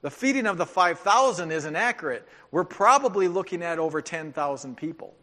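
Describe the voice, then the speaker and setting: A male pastor delivers a sermon in a conversational way, his voice sitting a little higher than most men's. He often drops into quiet, emphatic asides to press a point home. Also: expressive, fairly quick.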